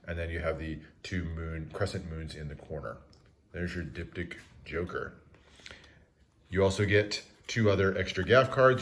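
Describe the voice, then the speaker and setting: A man giving a relaxed, methodical review of a deck of playing cards, with frequent "uh" fillers. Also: low-pitched. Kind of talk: casual product review narration.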